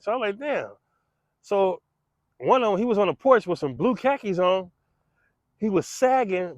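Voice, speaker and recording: A man's voice: on the high side, dry recording, highs cut off. A man telling a true story in casual street style, slangy and profane, acting out gunshots and the voices of others.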